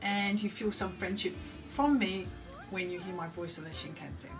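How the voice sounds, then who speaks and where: A woman's voice: mid-range voice, moderate pace. Distant Australian woman, music behind. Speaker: voice actor interviewed. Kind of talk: interview. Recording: distant interview clip with music.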